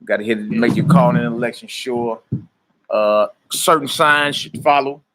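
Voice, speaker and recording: A man's voice: mid-range voice, moderate pace, heavy background noise. Laid-back man preaching in street slang. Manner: relaxed street slang, addresses viewers by name. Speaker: minister teaching scripture. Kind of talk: casual livestream sermon.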